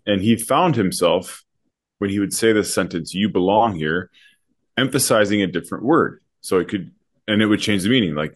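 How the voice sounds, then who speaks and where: Deep-voiced man musing on a podcast. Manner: thoughtful, searching for words mid-sentence. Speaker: podcast co-host, school principal. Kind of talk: casual podcast conversation.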